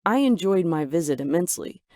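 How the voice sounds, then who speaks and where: A woman voicing a gentle, affectionate young man in a storybook tale, speaking earnestly. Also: lowish voice, expressive, brisk, no room sound, close to an everyday voice.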